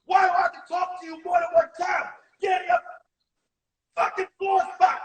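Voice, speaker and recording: A man playing a loud, drunk, out-of-shape male gym teacher who yells and curses, exasperated, on a livestream. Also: very high-pitched, steady tone, a little slow, roomy sound, voice pushed up. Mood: angry yelling. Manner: yelling, cursing, exasperated. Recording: distant mic on a phone livestream.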